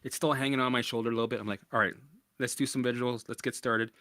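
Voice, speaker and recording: A man's voice: medium pitch, fairly even intonation, fast talker, bright, forceful tone, dry recording, studio quality. A man hosting a casual solo monologue, rambling and swearing freely as he answers listener questions and keeps checking in with "right?".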